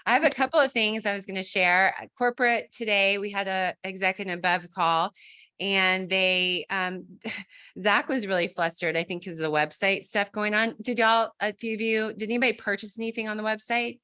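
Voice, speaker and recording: A woman's voice: mid-range voice, fairly even intonation, normal speed, pushed and bright, smooth. A woman hosting a casual team video call, upbeat and chatty.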